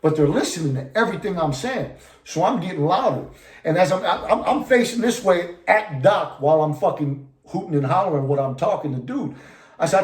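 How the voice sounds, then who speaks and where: A man from California tells a story in heavy street slang and plenty of swearing, acting out the people in it and checking in with the listener again and again. His voice sits a little high for a man. The room around him rings with echo. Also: animated, fairly quick. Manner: profane street slang, constant "you know what I'm saying"; acts out quoted dialogue. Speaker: podcast guest. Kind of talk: casual storytelling. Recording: roomy echo.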